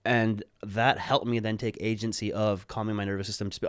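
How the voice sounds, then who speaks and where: A man guest telling a story in a relaxed way. He swears freely and acts out quotes. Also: on the low side, brisk, smooth, dry recording, clean studio sound. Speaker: podcast guest. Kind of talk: casual storytelling.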